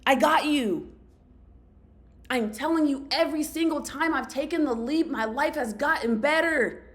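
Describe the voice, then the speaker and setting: Earnest woman, slightly high voice. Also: normal speed. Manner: earnest, affectionate, calls listeners "baby". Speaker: motivational vlogger. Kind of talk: motivational monologue to followers.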